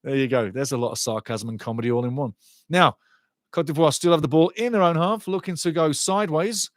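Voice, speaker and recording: Excitable man calling a soccer match. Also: fairly high pitch, brisk, no room sound, clean studio sound. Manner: excitable, sarcastic, repeats phrases. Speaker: watchalong commentator. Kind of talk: live soccer watchalong commentary.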